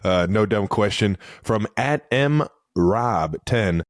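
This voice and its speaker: A man from Cleveland with a low voice, co-hosting a podcast in loose, laughing banter. He swears freely and often trails off mid-sentence. The sound is dry and close, with no room echo. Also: expressive, slow, hardly any pauses. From Cleveland, Ohio. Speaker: podcast co-host. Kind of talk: casual chat.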